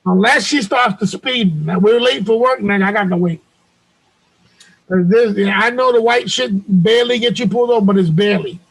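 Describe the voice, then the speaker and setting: A man hosting a show over a video call, telling a story in a loud, profane, animated way. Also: sits high, moderate pace, gravelly, breathy edge, poor audio. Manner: loud, profane, animated retelling with acted quotes. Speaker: podcast host.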